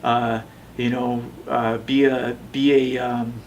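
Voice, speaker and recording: A man's voice: medium pitch, flat delivery, slow pace, far from the mic, slight background noise. Rambling man telling a story. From Las Vegas, USA. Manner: rambling, with frequent restarts. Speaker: tattoo shop owner. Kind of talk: casual storytelling interview.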